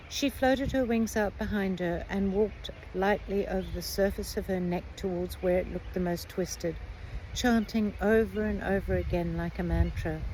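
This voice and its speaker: A woman narrating a children's chapter book aloud in a measured, expressive way. Her voice is mellow and dark, set fairly low for a woman. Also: a little hiss or hum, poor audio. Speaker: storybook reader.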